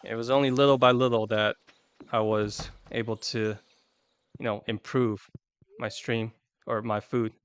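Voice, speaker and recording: A man's voice: medium pitch, flat delivery, measured pace, pauses often, clear, resonant tone. A man chatting casually and rambling while streaming a video game, talking to his viewers through a desk microphone. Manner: rambling, chatty, self-deprecating. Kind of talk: casual gameplay chat.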